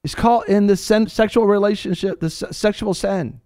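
A man preaching a sermon with passion, swinging between hushed lines and loud ones, addressing his listeners directly as sir and ma'am. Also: high voice, moderate pace, no echo, clean studio sound.

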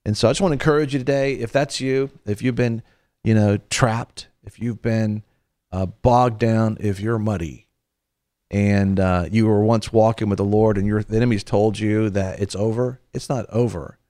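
A man's voice: on the low side, steady tone, normal speed, dark tone, no echo, studio quality. A middle-aged man hosting a Christian show, preaching in an earnest, conversational way that often restarts its sentences. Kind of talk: preaching talk-show segment.

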